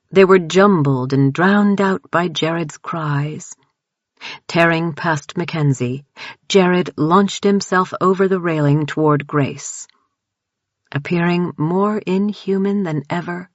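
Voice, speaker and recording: Female audiobook narrator, deep and slow, slightly dull recording, dramatic horror reading. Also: no room sound.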